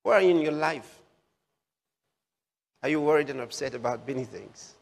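A man preaching a sermon, slow and repetitive, with emphatic rises on key phrases. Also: a little high, expressive, vocal fry. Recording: long hall reverb.

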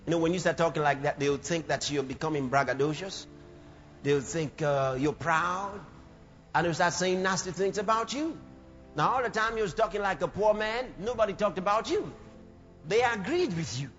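A very high-pitched man preaching with fervor, breaking into shouts and playing out little scenes. His voice rings through a long hall reverb and sounds dull and muffled, with faint music underneath. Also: animated, normal speed. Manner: fervent, shouting bursts and acted quotes. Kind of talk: sermon. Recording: dull, echoey hall recording.

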